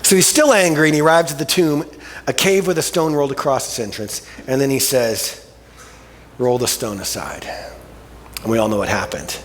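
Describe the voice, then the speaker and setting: A man's voice: on the high side, quick pace, big-room sound, a little hiss or hum. A male pastor preaching a sermon in a casual, colloquial storytelling way, full of vivid everyday asides. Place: church sanctuary.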